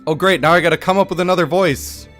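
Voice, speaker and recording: A man's voice: sits high, steady tone, fast talker, fairly bright tone, faint music behind. A man streaming live, reading a game story aloud in a playful, self-mocking way.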